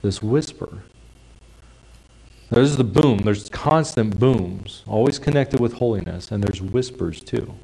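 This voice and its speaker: A male preacher giving a sermon in a conversational, explanatory way, dropping into soft hushed tones for quiet phrases. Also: lowish voice, lively intonation, slow, creaky, husky, poor audio. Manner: conversational, drops to a soft hush for quiet lines.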